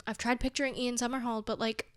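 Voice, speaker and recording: A woman's voice: on the high side, little pitch movement, fast, smooth, no echo. A young woman vlogging in a candid, rambling chat, full of fillers and wry self-mocking asides. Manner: rambling and candid, heavy use of "like", trailing off. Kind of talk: casual confessional vlog chat.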